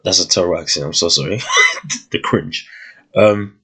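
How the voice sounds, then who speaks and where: A young man with a fairly low voice talks through his thoughts on a new series. He sounds casual and reflective, and he often stops, restarts and searches for the right word. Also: lively intonation, moderate pace, sharp tone, breathy edge. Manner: thoughtful, hesitant, many restarts and fillers. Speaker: TV reviewer. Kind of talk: casual spoken review.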